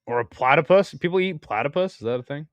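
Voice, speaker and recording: Excitable young man, lively swooping voice. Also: fairly high pitch, fast, no room sound, dull audio. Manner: crude, excitable, joking with chat. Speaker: watch party host. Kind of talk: casual live-stream commentary.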